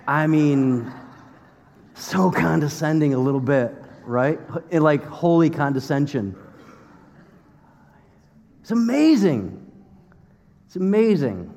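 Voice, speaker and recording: A man preaching a sermon as pastor, playful and animated, then turning soft and earnest. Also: a little high, slow, gravelly, pauses often, big-room sound. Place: church hall.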